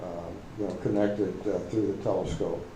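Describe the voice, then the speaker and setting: A man's voice: low voice, fairly even intonation, normal speed, mellow. A man at a club meeting, casually and hesitantly explaining his telescope setup. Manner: hesitant, many fillers and restarts. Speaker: club member. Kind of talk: casual chat. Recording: roomy meeting hall, faint hum.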